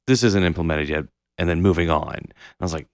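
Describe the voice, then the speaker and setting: A low-pitched man co-hosts a podcast and rants about gear in loose, profane, animated talk. His voice is close and dry, with no room sound. He speaks in bursts and keeps on going. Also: fast talker, no room sound. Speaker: podcast co-host. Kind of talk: casual chat.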